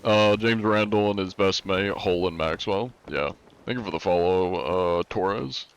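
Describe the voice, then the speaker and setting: A man's voice: fairly low pitch, a little slow, clean tone. A male streamer talking casually through a live gameplay stream, rambling with lots of filler words. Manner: rambling, many filler likes.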